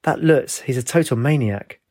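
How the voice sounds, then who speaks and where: A man's voice: mid-range voice, normal speed, mellow, lightly acted. A man reading the lines of an earnest young woman in a storybook. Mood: worried.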